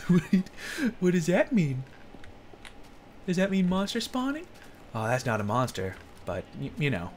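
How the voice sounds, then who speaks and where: A gaming commentator giving excitable let's play commentary, jumping from yelps to low mutters and laughing often. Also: unhurried, long pauses, slight background noise.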